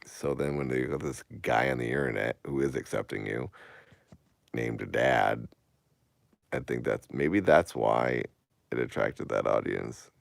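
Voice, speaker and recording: Man, late thirties, very deep voice, gravelly, casual stream chat, rambling, emphatic. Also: measured pace, no echo. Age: 30s. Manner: rambling, turns emphatic and incredulous.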